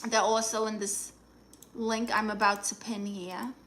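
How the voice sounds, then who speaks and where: A woman playing a brassy, sassy aunt from Brooklyn who poses as a therapist, with a New York accent, firing back quick comebacks as she reads viewer comments aloud on a phone live stream. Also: medium pitch, level tone, a bit bright, close to an everyday voice. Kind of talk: comedic improvised live stream.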